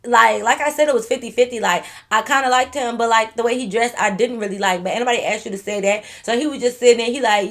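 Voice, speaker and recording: A young woman vlogger bluntly telling a storytime tale, animated and full of profanity. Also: on the high side, quick pace, hardly any pauses. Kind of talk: storytime vlog.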